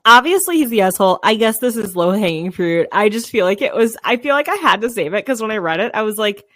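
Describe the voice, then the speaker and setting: A woman co-hosting a podcast in casual chat, lively and quick to laugh. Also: medium pitch, no echo, clean studio sound. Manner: lively, laughs often, reads posts aloud. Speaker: podcast co-host.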